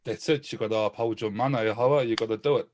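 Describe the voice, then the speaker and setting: A man's voice: medium pitch, fairly even intonation, fast, darkish tone, a little hiss or hum, natural voice. A man voicing a laid-back adventurer character in a tabletop game, talking in an easygoing, chummy way. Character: laid-back male adventurer with Māori slang.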